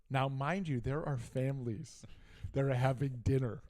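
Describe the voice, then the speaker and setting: A middle-aged man co-hosting a casual sports talk show tells a story with animated heat, peppering it with asides. His voice is mid-range and his pace moderate.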